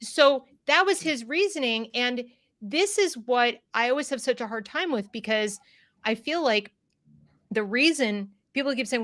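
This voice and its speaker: A woman hosting a discussion, talking in an animated way with many fillers and restarts. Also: a little high, unhurried, dry recording, clean studio sound. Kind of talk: conversational discussion.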